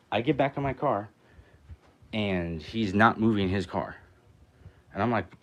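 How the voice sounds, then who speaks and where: Guy streaming, lowish voice, swears a lot, tells it straight. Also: moderate pace, pauses often, fairly bright tone. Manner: blunt, swears freely, storytelling with quoted dialogue. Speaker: livestream host. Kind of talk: casual livestream chat.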